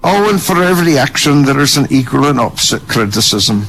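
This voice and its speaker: A gravelly older man tells stand-up jokes in a wry, dry manner, his pitch rising and falling with each punchline. There is a faint noise under his voice. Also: animated, brisk, fairly bright tone, low-quality recording. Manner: wry, dry joke delivery. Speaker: comedian. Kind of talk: stand-up joke telling. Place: online voice chat room.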